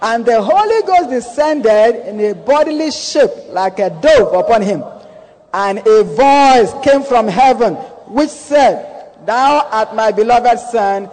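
High-voiced preacher in a reverberant hall. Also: male voice, a little mellow. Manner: emphatic, repeats key phrases, calls for congregation response. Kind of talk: sermon.

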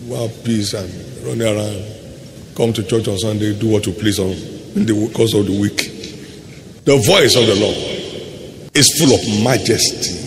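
Older male preacher, gravelly, dramatic swings in pitch and volume, echoey hall. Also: a little hiss or hum. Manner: preaching with dramatic swings in pitch and loudness, drawn-out emphatic phrases. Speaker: pastor. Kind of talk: sermon. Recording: echoey hall with faint ambience.

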